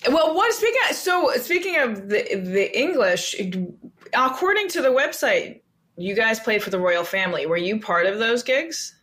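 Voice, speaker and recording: Bright-voiced American woman interviewer. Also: on the high side, sing-song, normal speed. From United States. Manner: brief, chatty interjections. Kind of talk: casual interview chat.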